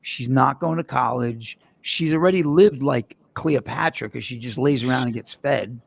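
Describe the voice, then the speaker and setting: A man's voice: mid-range voice, normal speed, creaky, husky. A man hosting a casual podcast, telling rambling jokey stories with his co-hosts. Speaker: host.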